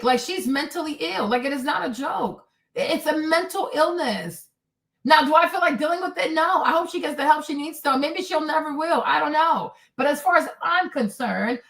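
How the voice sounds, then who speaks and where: On her own livestream, a woman in her forties launches into an animated, emphatic rant in a high voice tinged with vocal fry. She swings from shouting to low asides, entirely unscripted and candid.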